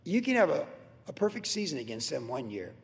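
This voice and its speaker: A man preaching a sermon in an energetic, excitable way with chatty asides. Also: fairly high pitch, fairly quick, gravelly. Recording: long hall reverb.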